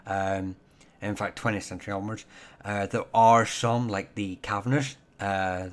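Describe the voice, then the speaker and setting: A man with a fairly low voice hosts a relaxed live Q&A stream from a home computer mic. He pauses often, fills gaps with ums and uhs, and corrects himself mid-sentence as he answers viewer questions. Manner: hesitant, full of ums and self-corrections. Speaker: livestream host answering viewer questions on Irish surnames. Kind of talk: casual live Q&A chat.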